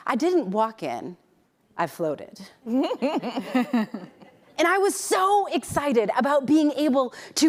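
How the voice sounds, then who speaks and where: A middle-aged woman telling a personal story as a keynote speaker, animated and acting out the voices of people in it. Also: fairly high pitch. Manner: animated, acts out quoted voices. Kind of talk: storytelling talk to an audience.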